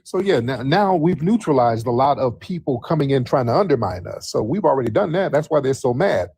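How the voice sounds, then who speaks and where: A man's voice: medium pitch, big pitch swings, brisk, vocal fry, a little mellow, slightly rough. Male livestream host taking callers, easygoing drawl, says things twice. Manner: loose, drawling, repeats phrases. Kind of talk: casual call-in livestream chat.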